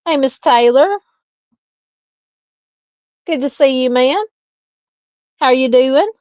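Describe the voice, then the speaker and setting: A woman's voice: high voice, expressive, takes it slowly, darkish tone, no room sound, dull audio. A woman with a Southern US accent hosting a true-crime live stream, chatting casually and reading out viewer comments. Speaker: livestream host.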